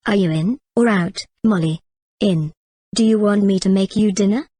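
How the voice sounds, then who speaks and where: A woman's voice: mid-range voice, moderate pace, warm tone, dry recording, lightly acted. A woman voicing a chatty, kind young woman who has taken in a girl, in a storybook reading.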